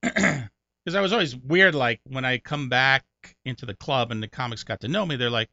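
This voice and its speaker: Here a man from Connecticut, USA, appears as a comedian guest in a storytelling interview, his bright voice moving at normal speed as he vividly leaps upward to impersonate others. The recording sounds dry and muffled.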